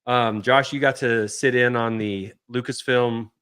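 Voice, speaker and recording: A man co-hosting a podcast, recapping a convention in an easygoing way, often trailing off softly at the end of a thought. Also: medium pitch, steady tone, measured pace, smooth. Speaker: podcast co-host. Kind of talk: casual chat recap.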